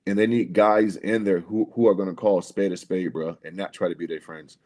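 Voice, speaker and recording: With a deep, slightly mellow voice and fairly even intonation, a podcast co-host speaks a little fast as he tells a long, rambling livestream story. He swears often and keeps repeating "bro" and "right?" to the listener.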